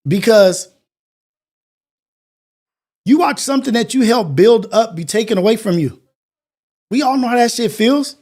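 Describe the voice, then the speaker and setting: High-voiced man preaching on a morning show. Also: animated, a little slow, long pauses, a little mellow. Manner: earnest, preachy, repetitive phrasing. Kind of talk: motivational monologue.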